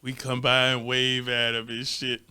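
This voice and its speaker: A man's voice: mid-range voice, completely flat delivery, a little slow, pushed and bright, clean tone. A man co-hosting a podcast in casual chat, teasing a friend and jumping in to add to the story. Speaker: podcast co-host.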